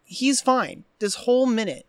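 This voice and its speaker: A woman co-hosting a casual movie podcast, talking through scenes and acting out the lines in animated voices. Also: fairly high pitch, a little slow, no room sound. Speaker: podcast co-host.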